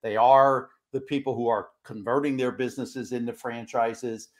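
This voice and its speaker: A man's voice: mid-range voice, fairly even intonation, moderate pace. An older man hosting a podcast interview, rambling and restarting his questions. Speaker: podcast host.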